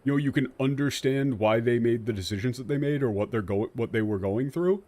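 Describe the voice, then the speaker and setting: Fairly quick and dark-toned, this mid-range male voice belongs to a streamer ranting with frequent profanity about a game's dialogue translation. He sounds thoroughly exasperated.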